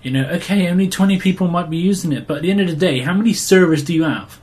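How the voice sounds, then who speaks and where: A man's voice: high-pitched, racing, a little mellow. A man from England co-hosting a casual gaming chat, blunt and sarcastic as he rants about game publishers. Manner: blunt, opinionated, sarcastic ranting. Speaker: podcast co-host.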